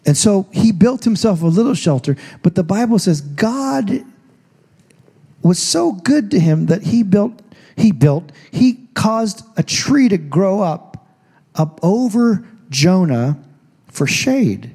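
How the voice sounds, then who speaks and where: Husky high-voiced preacher, joking. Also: male voice, very animated, slow, warm tone. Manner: casual, joking storyteller preaching. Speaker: pastor. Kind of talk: sermon. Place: church stage.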